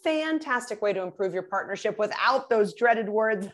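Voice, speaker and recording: A middle-aged woman speaking as a guest in an interview, telling stories and acting out the voices of the people in them. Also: moderate pace. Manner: lively, acts out quoted voices with big pitch jumps. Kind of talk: animated storytelling in an interview.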